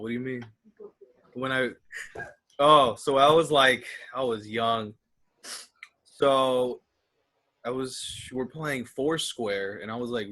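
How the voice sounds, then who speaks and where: A young man casually telling a rambling, animated story on a podcast with friends. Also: medium pitch, rough recording. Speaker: podcast co-host.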